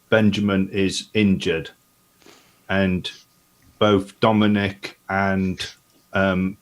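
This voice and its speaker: Low, slow-talking man playing a tabletop game. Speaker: player. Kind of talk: tabletop role-play, describing his character.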